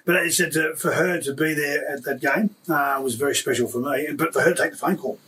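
A man in his fifties recounts his playing days, his voice sitting a bit higher than most men's. He talks in an emotional, animated rush, full of restarts. The mic sits slightly away from him. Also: fairly quick, distant mic, a little hiss or hum, rough recording. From Australia. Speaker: guest, former rugby league player. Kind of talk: casual storytelling interview.

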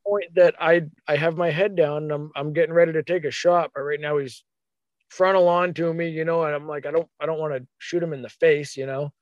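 A man telling a hunting story in a casual, animated way, acting out his own thoughts as quotes. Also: on the high side, fairly quick, no room sound, dull audio.

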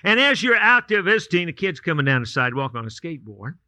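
A man's voice: on the high side, big pitch swings, fast talker, bright, forceful tone, no echo. A man preaching a sermon as a pastor, telling folksy made-up stories to make his point. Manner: storytelling with hypotheticals, folksy and repetitive.

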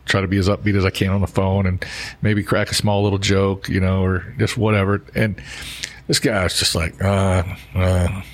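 Jovial low-voiced man rambling on. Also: flat delivery, a little fast. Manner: jovial, rambling, full of fillers. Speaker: co-host, insurance adjuster. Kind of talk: casual podcast chat.

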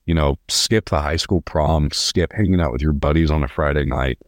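A man's voice: rumbling low, moderate pace, dry recording, studio quality. A young man from California, a podcast guest telling stories in an earnest, rambling way with many restarts. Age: young adult. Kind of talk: casual interview.

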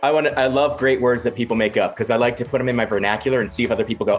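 A man's voice: mid-range voice, rapid-fire, soft background music. A man talking as a podcast guest, enthusiastic and storytelling, often restarting his sentences. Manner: enthusiastic storyteller, repeats words when starting. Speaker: podcast guest, play professional. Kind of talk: casual podcast chat.

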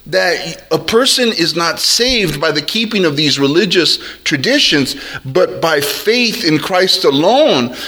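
A man preaching a sermon as a pastor, drawing out his words and dropping his voice low when he quotes others. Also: bright, forceful tone. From Arab heritage.

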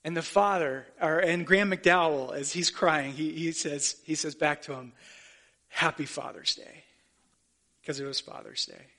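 A man's voice: a little high, moderate pace, hardly any pauses, pushed and bright. A man preaching a sermon as a pastor, telling a story in an earnest way and sometimes correcting himself as he goes.

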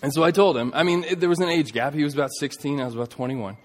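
A man in his thirties preaching a sermon, telling a story earnestly, rising to emphatic points and dropping to a hush. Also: fairly high pitch, racing. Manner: earnest storytelling, swings between emphatic and hushed. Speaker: pastor. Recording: long reverb of a large hall.

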